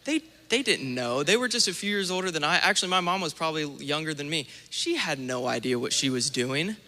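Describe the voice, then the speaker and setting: A young man preaches in a church sanctuary, his voice very bright and a little higher than most men's. He tells stories with animated acted-out asides. A long hall reverb trails every phrase. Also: a little fast. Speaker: minister. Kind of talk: sermon.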